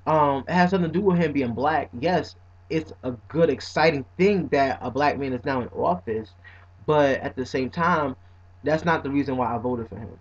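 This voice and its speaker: A man's voice: medium pitch, normal speed. A young man talking casually to camera as a vlogger, playful at times and earnest at others, often saying "you know what I'm saying". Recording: dull lo-fi recording.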